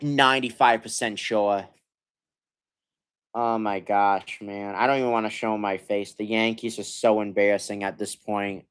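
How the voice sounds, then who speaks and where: A hoarse young man ranting as a sports livestream host, stammering and sighing, swinging between muttered complaints and loud outbursts. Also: mid-range voice. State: hoarse from yelling. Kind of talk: frustrated fan rant on a livestream.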